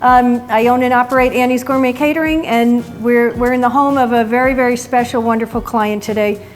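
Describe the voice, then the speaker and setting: A woman's voice: a little high, a little fast, faint music behind. Chatty woman chef telling a story. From New York. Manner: chatty, animated storyteller acting out quotes. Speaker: chef and cooking show host. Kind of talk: casual storytelling chat. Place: client's home kitchen.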